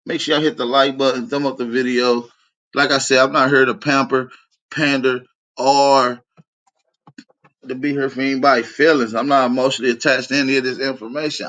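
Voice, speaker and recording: A man's voice: medium pitch, level tone, a little fast, a bit bright. Blunt, profane male stream host. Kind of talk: casual live stream commentary.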